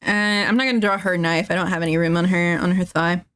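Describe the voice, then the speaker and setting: A woman's voice: fairly low pitch, fairly even intonation, quick pace, fairly bright tone, clear, resonant tone. A woman streaming casually, rambling and laughing often as she draws and chats. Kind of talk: casual chat while drawing.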